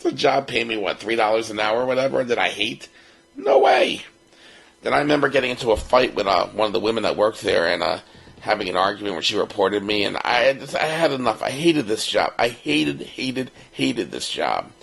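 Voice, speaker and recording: Gravelly-voiced man in his fifties telling a story. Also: fairly low pitch, quick pace, poor audio. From Baltimore, United States. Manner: lively storyteller who acts out the other people's lines. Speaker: podcast co-host. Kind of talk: personal storytelling on a podcast.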